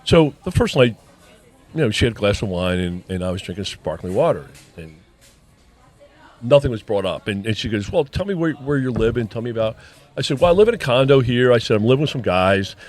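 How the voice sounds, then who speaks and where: A man's voice: lowish voice, lively intonation, a little fast. A man co-hosting a casual chat, telling a personal story and acting out the dialogue. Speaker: podcast co-host.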